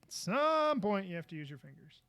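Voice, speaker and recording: A man with a high, bright, forceful voice swings widely in pitch while speaking at normal speed on a dry recording. He's hosting a live podcast, chatting casually and goofily as he builds and exclaiming in frustration, like typical live-stream chat.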